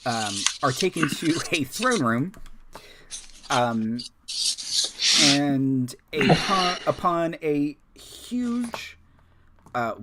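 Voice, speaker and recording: A man narrating a tabletop game as game master, unhurried and dotted with fillers. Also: medium pitch, heavy background noise.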